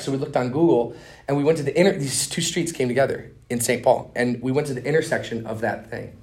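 Young guy at a conference, laid-back storytelling, earnest, mid pitch. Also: fast talker, darkish tone. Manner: casual, storytelling, earnest with slang. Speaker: conference speaker. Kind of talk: conference teaching talk.

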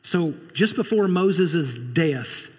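A man preaches a conversational sermon, slipping in joking asides and plenty of fillers. His voice sits a little high and sounds husky. The church around him carries a long, lingering reverb. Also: expressive, extremely slow. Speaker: pastor. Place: church sanctuary. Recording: long reverb of a large room.

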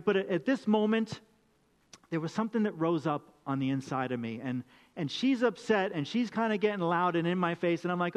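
High-voiced pastor man in a reverberant hall. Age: middle-aged. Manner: animated storyteller, repeats words. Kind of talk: sermon with personal story.

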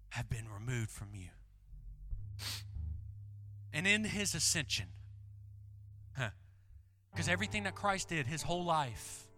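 A young man preaching fervently as a student pastor, breaking off to joke with the crowd. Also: high-pitched. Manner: fervent preaching that swings to a joking aside with the crowd. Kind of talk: sermon.

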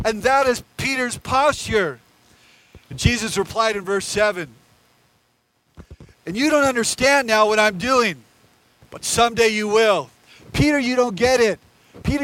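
A man's voice: very high voice, rough recording. A man preaching a sermon as pastor, acting out the words of the people in the story as he tells it. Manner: animated, acts out Peter's and Jesus's lines in quoted voices.

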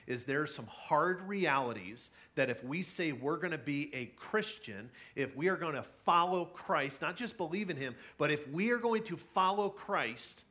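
Bright-voiced man preaching a sermon. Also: mid-range voice. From California. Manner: conversational storytelling with many fillers and restarts. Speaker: pastor.

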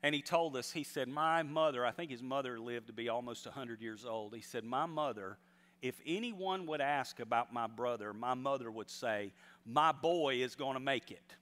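A man's voice: mid-range voice, moderate pace, a bit bright, in a large hall. A man preaching a sermon, telling a story and urging his congregation on with rising emphasis. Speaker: pastor.

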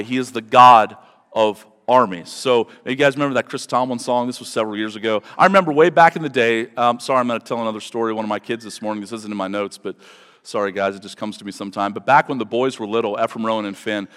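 A man's voice: mid-range voice, fairly bright tone. A male pastor delivering a sermon in a conversational, digressive way with dramatic emphasis. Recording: long reverb of a large hall.

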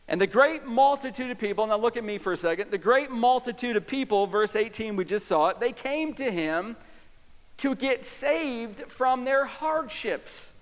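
A man preaching a sermon as pastor, emphatic, swinging between loud stresses and hushed, intimate appeals. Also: high voice. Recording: long hall reverb.

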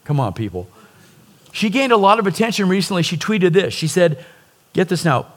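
A middle-aged man preaching with a voice pitched a touch higher than most men's, delivering an earnest sermon. He presses his points with emphasis and keeps tossing rhetorical questions back to the listeners. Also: sing-song, normal speed, pauses often. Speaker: pastor.

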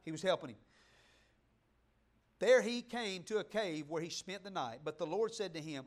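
Fervent preacher with a fairly high voice. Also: male voice, moderate pace. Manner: swings from loud, fervent preaching to soft, hushed asides; conversational, addresses the congregation directly. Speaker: pastor. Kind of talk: sermon. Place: church sanctuary, in front of a congregation.

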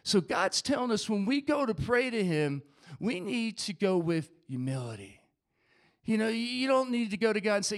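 A man's voice: high voice, big pitch swings, normal speed. A man preaching a sermon, reading scripture aloud and acting out the voices of the crowd.

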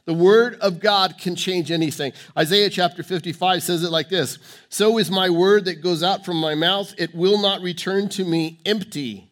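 A man preaching from the pulpit in an emphatic, repetitive way, hammering the same phrase over and over. His voice sits a little above the usual pitch for a man, and he stumbles and restarts as he goes. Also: fairly even intonation, moderate pace, few pauses, fairly bright tone. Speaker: pastor. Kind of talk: sermon. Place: church.

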